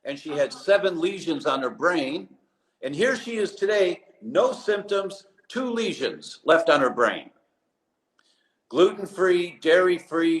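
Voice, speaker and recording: A man's voice: fairly high pitch, low-quality recording. A man guest in a live interview, telling stories animatedly and acting out the people he quotes. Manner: animated storytelling with quoted voices. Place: abroad, remote live session.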